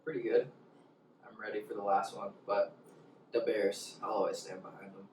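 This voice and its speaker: A man from the Chicago area co-hosting a casual hot wing interview, relaxed and quick to laugh. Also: lowish voice, a little hiss or hum. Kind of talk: casual chat. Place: home room. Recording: echoey room, mic far off.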